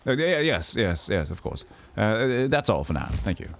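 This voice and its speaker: Lively low-voiced man reading a game aloud. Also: moderate pace. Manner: reads text aloud, voicing characters with a raised pitch, stumbles and restarts. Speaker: streamer.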